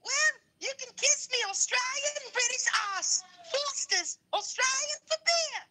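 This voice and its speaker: A man's voice: very high-pitched, very animated, very slow, voice pushed up, exaggerated voice. A man voicing a cheeky, playful fake British bloke on a comedy stream.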